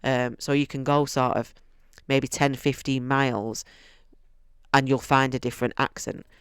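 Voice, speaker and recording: A man's voice: medium pitch, flat delivery, unhurried, a bit bright, smooth, no echo, studio quality. A man giving a casual, enthusiastic book review, chatty and often restarting his sentences. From United Kingdom.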